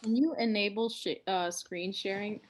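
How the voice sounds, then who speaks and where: A woman's voice: medium pitch, steady tone, moderate pace. A woman in a casual chat on a video call, setting up a livestream, hesitant and full of fillers and small laughs.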